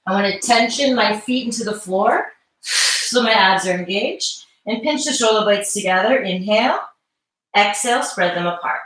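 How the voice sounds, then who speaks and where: Woman instructor calling out breath cues slow and calm, sounds far from the mic, lots of room echo. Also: medium pitch. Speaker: mobility instructor. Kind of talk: live online movement class.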